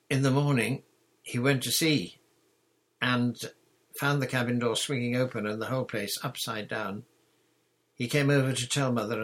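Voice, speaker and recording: A man's voice: mid-range voice, fairly bright tone, voice pushed up, natural voice. A man reading a storybook, voicing an eager young girl who explains the news in a rush.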